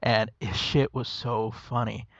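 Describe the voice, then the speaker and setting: A man's voice: medium pitch, flat delivery, a little slow, a bit bright, no room sound, lo-fi sound. A man in his late thirties hosting a podcast, telling stories animatedly and laughing often. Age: late 30s. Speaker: podcast host. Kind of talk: casual podcast chat.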